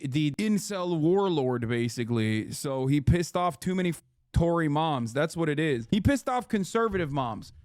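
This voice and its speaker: A man co-hosting a live stream, chatting sarcastically and reading news articles aloud quickly. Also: on the high side, dry recording, clean studio sound. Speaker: streamer co-host.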